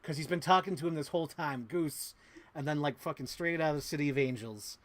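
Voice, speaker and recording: A man hosting a podcast, excitedly retelling a movie plot to his co-host, swearing often and humming sound effects. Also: fairly high pitch, a little fast, no room sound. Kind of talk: animated movie recap to a co-host.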